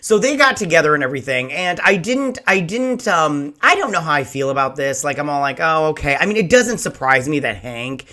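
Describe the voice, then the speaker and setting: A man's voice: fairly high pitch, sing-song, a little fast, few pauses, bright, forceful tone. A man hosting his own show, reviewing a TV episode in casual, rambling chat and acting out scenes in quoted voices.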